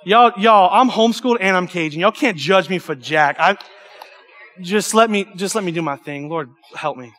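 High-pitched young man preaching animatedly to a youth group, prone to stumbles and asides. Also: moderate pace, fairly bright tone. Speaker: youth pastor. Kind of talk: sermon.

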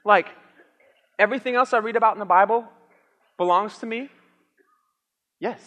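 High-voiced preacher in a reverberant hall. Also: male voice, normal speed, dull audio. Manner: animated, acts out the king's lines with shouts. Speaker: pastor. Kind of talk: sermon.

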